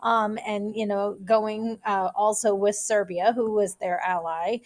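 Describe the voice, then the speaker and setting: A woman's voice: mid-range voice, fairly even intonation, a little slow. A middle-aged woman teacher giving a casual recorded history lecture to students, chatty and loose, with many fillers and asides.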